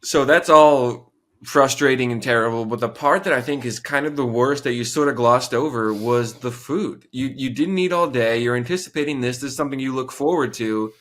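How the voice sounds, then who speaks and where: A man's voice: medium pitch, normal speed, a bit bright. A man co-hosting a podcast who speaks in a dry, teasing way. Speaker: podcast co-host. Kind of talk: casual podcast chat.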